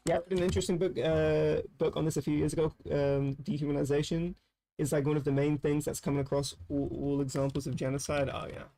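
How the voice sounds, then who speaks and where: A man's voice: a little high, level tone, quick pace, warm tone. A man streaming while gaming, thinking aloud in loose, rambling casual chat with frequent swearing. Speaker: livestreamer.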